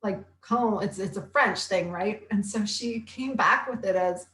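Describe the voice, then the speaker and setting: A woman who works as a health coach and author, chatting casually on a live stream and reading viewer comments aloud in an upbeat way, with quick asides and many fillers. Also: medium pitch, a bit bright. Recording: roomy echo.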